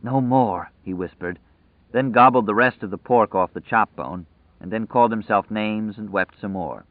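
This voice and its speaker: A man with a fairly low voice reads a novel aloud in a measured, dramatic way. The recording is dry with no room sound and has a thin, phone-like tinniness. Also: no room sound. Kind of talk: audiobook narration.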